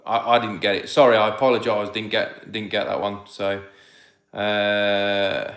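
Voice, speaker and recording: A man's voice: fairly low pitch, flat delivery, unhurried, fairly bright tone, echoey room. A man, a farmer answering viewer questions in casual livestream chat. He rambles with many restarts and rants when something irks him.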